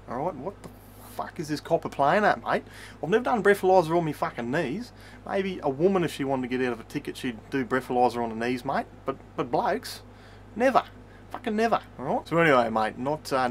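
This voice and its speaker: A man's voice: on the high side, slight background noise. A man with an Australian accent telling a profane, rambling comic story, swearing constantly and tagging his sentences with mate. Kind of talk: profane comedic rant.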